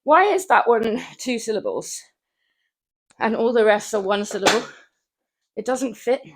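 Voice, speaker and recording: A woman's voice: fairly high pitch, animated, a little slow, background noise. Breathless woman chatting through a workout. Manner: chatty, playful, laughs often, chats with viewers. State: out of breath from exercise. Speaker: livestreamer. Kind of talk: casual livestream chat while working out. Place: home flat.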